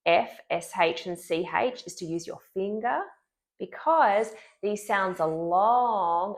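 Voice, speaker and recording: A woman speech-language pathologist talks through a therapy technique in an instructional video. Her voice sits on the low side, and she draws sounds out slowly and deliberately to demonstrate them. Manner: clear, deliberate modeling of speech sounds, drawn-out sounds.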